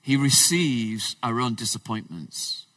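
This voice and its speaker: Man, pastor, conversational sermon, sudden hushed low moments, dry distant mic. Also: takes it slowly, no room sound. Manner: conversational preaching, swinging between loud emphasis and hushed low tones. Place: church.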